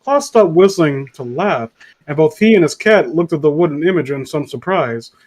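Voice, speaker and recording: Man, slightly higher voice, informal home reading of a storybook with frequent self-corrections. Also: expressive, normal speed, darkish tone. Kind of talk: casual read-aloud of a classic story.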